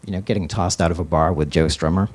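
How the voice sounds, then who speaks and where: A radio DJ telling a personal story live on stage, casual and rambling with fillers. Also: male voice, low voice, fairly even intonation, quick pace, a little mellow.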